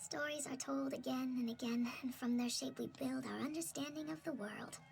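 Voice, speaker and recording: A broken, haunted mother speaks from inside a horror game. Her voice sits high and carries a gravelly, fry-laced texture, brooding and somber. It has a cracked edge. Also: moderate pace, a little mellow. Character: haunted grieving mother unraveling in madness. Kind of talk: game character voice acting.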